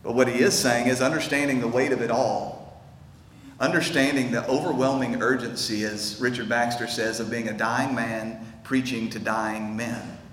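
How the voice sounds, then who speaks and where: A man's voice: medium pitch, fairly even intonation, moderate pace, a bit bright, slight background noise. A male pastor preaching an earnest, intense sermon in a church, often stammering and repeating words as he builds. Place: church sanctuary. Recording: echoey hall with faint ambience.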